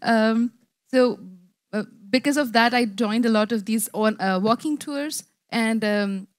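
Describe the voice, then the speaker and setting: A woman's voice: a little high, measured pace, no echo. Woman answering in a dry room. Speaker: participant. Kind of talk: casual discussion answer.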